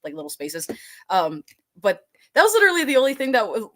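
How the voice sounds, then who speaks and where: A woman's voice: mid-range voice, wildly swooping pitch, fast, fairly bright tone. A woman guest, a haunt actor and burlesque performer, telling stories in casual chat, giggly and rambling, swearing freely.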